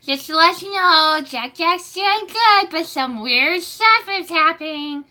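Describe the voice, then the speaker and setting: A woman puts on a chirpy young babysitter who talks in a high, drawn-out, sing-song lilt. The voice sounds sugary and unhurried, a bright, sharp tone lifted well above normal speech. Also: animated, exaggerated voice. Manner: sing-song, slow and sweet.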